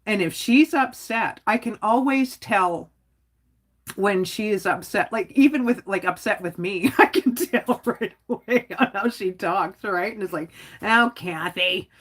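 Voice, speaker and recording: A woman holding forth on her own livestream in a mid-pitched voice. She talks bluntly and rambles, filling her speech with "like." She chuckles now and then as she goes. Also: a little slow. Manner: outspoken, rambling, frequent "like". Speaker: livestream host. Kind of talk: casual livestream rant.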